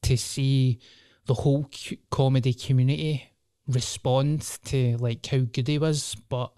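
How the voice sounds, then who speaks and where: A man's voice: mid-range voice, steady tone, measured pace, mellow, clean tone, no echo, clean studio sound. A Glaswegian man in his thirties hosting a solo podcast, rambling and swearing in a jokey, casual way. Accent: Scottish, Glasgow. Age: 30s. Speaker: podcast host.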